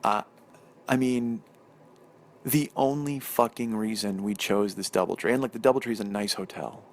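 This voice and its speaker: A man's voice: on the low side, normal speed. A man hosting a comedy podcast, telling a long profane story alone and acting out every voice in it. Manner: profane, animated, acts out both sides of the dialogue. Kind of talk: solo storytelling monologue.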